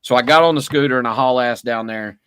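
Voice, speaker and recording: A man co-hosting a racing podcast, telling a story fast and bluntly, with casual swearing. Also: mid-range voice, fairly bright tone, clear, resonant tone, dry recording.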